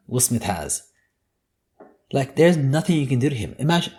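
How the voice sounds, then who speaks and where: A man's voice: mid-range voice, darkish tone. A young man hosting a solo podcast, talking casually in a joking, profane, ranting way. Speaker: podcast host.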